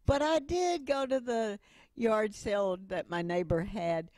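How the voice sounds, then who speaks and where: A middle-aged woman giving a motivational talk with stories, speaking slowly and deliberately. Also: mid-range voice, darkish tone, no echo. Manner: slow and deliberate, with acted quotes. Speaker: inspirational speaker.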